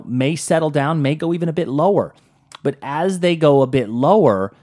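A man's voice: mid-range voice, a little mellow. Chatty Pittsburgh man hosting a talk. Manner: chatty, jokey, frequent restarts. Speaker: show host. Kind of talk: casual market talk show.

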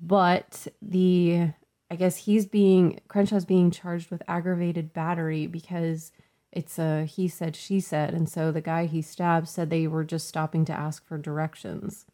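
A woman co-hosting a relaxed news chat, her voice lower and mellow. She tells stories in a loose, conversational way, trailing off now and then. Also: measured pace. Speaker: co-host of a market news show. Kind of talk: casual chat.

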